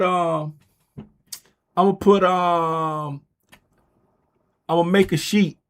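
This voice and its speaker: A man hosting a casual trading livestream, talking through charts in a playful, drawn-out way. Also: high-pitched. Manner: playful, drawn-out, sing-song delivery.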